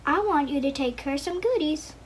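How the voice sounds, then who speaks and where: A caring storybook mother gives firm instructions, read by a woman. Her voice sits high. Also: expressive, normal speed, a little hiss or hum.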